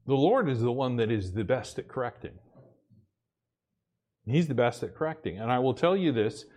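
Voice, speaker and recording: Man, pastor, conversational sermon, asks "amen?", acts out asides, mid-pitched voice. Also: a little mellow. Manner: conversational preaching with frequent "amen?" and acted asides.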